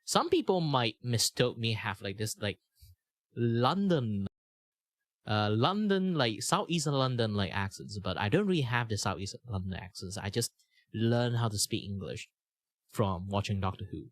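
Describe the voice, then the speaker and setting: A young man from Malaysia talking casually on stream, with a lively pitch that rises and falls a lot. His speech flows on in long, rambling runs, full of fillers and self-corrections. He records on a good mic in a treated home room, so the sound is close and dead dry. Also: normal speed, dry recording. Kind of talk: casual chat. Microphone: good studio mic.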